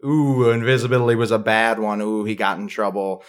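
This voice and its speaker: Relaxed man chatting at a game table. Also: lowish voice, a little fast. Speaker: player. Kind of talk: tabletop role-play chat.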